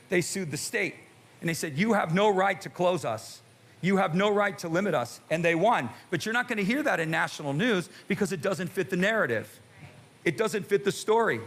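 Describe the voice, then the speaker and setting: A male pastor delivers a fiery sermon in a fairly high-pitched voice. He preaches emphatically, repeats his points and throws rhetorical questions at the congregation. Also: fairly bright tone.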